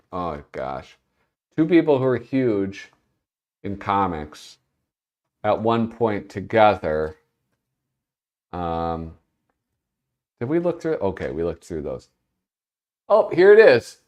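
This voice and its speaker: Slow and sing-song, with frequent pauses, this man's lowish, darkish voice leads a casual livestream. He chats loosely with viewers, rambling, cutting off his own thoughts, and laughing while he talks.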